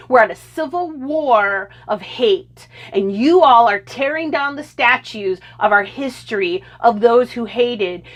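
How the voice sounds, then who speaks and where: A woman delivering an indignant, sarcastic opinion rant and lecturing her listeners. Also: mid-range voice. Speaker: political commentator.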